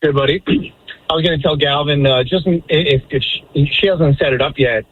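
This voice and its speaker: A man calling in to a radio show over a tinny phone line. His voice is husky, and he talks in a friendly, halting way with many restarts. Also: fairly high pitch, no echo. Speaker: caller.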